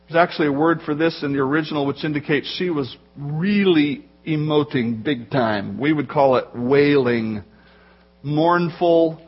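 Husky-voiced man preaching a sermon. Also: high voice, dull audio. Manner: animated storytelling, acts out voices in quotes. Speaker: pastor.

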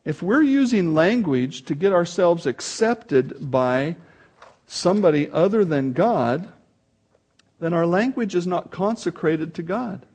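A man's voice: high voice, a little slow, slightly rough. A man preaching a sermon, emphatic and dramatic, reading scripture aloud. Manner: animated, emphatic preaching with dramatic swings in loudness. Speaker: pastor.

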